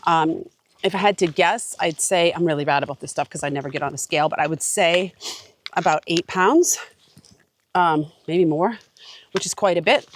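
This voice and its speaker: A woman's voice: on the low side, moderate pace, a little hiss or hum. A woman with a congested voice, chatting casually and rambling with many fillers while vlogging on an outdoor forest trail. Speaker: hiking vlogger. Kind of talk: casual vlog talk while hiking.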